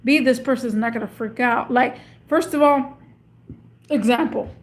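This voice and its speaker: Female vlogger, slightly high voice, meandering casual car talk. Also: normal speed. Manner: chatty, meandering, searches for words. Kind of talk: casual rambling monologue. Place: in or beside a parked car.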